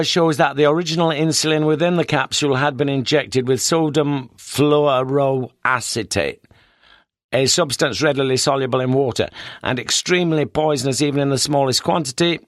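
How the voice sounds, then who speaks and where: A man with a British accent reading a detective story as an audiobook narrator in a steady storytelling manner. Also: medium pitch, no echo, studio quality. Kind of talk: scripted narration.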